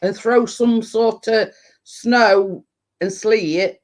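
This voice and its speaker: A middle-aged woman with a Yorkshire accent and a slightly deep voice, chatting casually on a livestream and rambling with lots of fillers. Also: very slow, darkish tone. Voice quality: a bit deep. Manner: rambling, full of fillers and restarts. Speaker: livestream host. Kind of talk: casual live chat.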